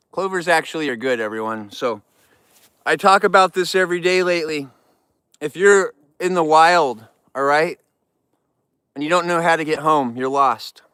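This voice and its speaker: Outdoors in the wild, a man hosts a casual livestream, speaking directly to viewers in an upbeat, rambling way. His voice is fairly high, sharp, clear and resonant, with no echo.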